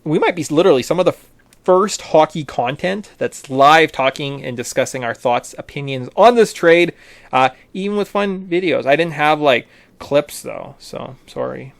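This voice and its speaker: A Canadian man co-hosting a casual hockey podcast, his voice sitting a little high for a man. He talks loosely and jokes around, laughing easily, and the sound is dry and close with no room around it. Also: lively intonation, moderate pace, gravelly, no echo. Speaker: podcast co-host. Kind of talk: casual chat.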